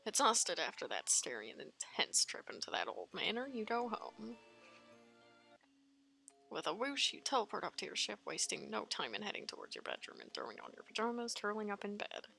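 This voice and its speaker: Bright, gravelly woman reading a game aloud. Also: mid-range voice. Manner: giggly, expressive reading. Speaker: let's play streamer. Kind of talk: reading a visual novel aloud.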